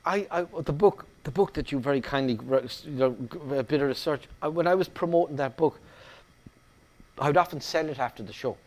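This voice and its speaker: A man's voice: a little high, brisk. A middle-aged Irish man, a guest actor, telling stories in a casual interview chat. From Ireland. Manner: animated storyteller, many restarts.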